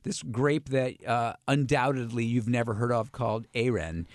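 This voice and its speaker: A man co-hosting a casual wine radio show, animated and quick to laugh at himself. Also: mid-range voice, dry recording, clean studio sound. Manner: animated, laughing, self-deprecating.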